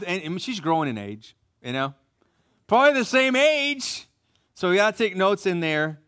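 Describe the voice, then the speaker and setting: A pastor with a slightly high voice preaches a sermon, reading scripture slowly and softly, then raising his voice for lively asides.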